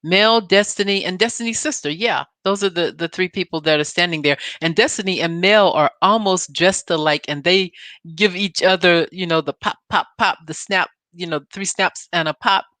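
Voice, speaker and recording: Chatty woman recapping a show, bright voice. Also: fairly low pitch, moderate pace, no echo. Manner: chatty, digressive, talks straight to viewers. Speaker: YouTube TV show reviewer. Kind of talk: casual episode recap to viewers. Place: home recording setup with green screen.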